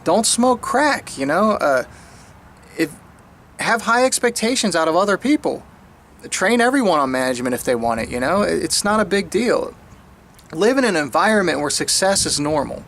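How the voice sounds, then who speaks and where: High-voiced man with mocking laughs. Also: very animated, a bit bright, slight background noise. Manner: mocking others in higher, slower put-on voices; frequent laughter and repeated restarts. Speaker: speaker sharing his views. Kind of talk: casual monologue.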